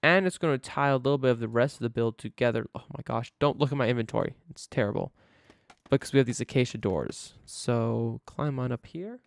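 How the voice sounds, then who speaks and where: A man's voice: medium pitch, a little fast, vocal fry, dry recording, studio quality. A man live-streaming a building game, chatting casually and thinking aloud to himself as he works.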